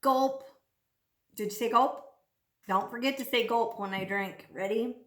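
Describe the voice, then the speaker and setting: A woman giving a playful children's speech lesson, talking slowly and with exaggerated, sing-song delivery. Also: fairly high pitch, reverberant.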